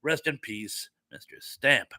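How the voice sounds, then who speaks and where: A man runs a relaxed live stream, reading out viewer comments and chatting back in a bright, forward voice. He sounds a little flustered now and then. The sound is dry and close to the microphone. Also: mid-range voice, slow pace, dry recording. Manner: chatty, reads comments aloud, easily flustered.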